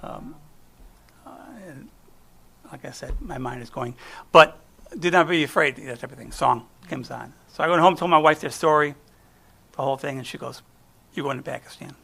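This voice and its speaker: A middle-aged guest speaker from the US preaches in a gravelly, bright, forceful voice on the high side, at normal speed. His sermon feels like a folksy chat with personal anecdotes, and he tends to trail off and restart.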